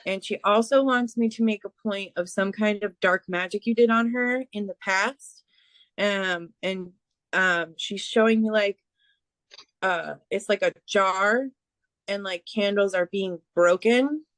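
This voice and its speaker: A woman giving a spiritual reading as a medium, speaking haltingly with many fillers and restarts. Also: mid-range voice, fairly bright tone, no room sound. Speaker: psychic medium.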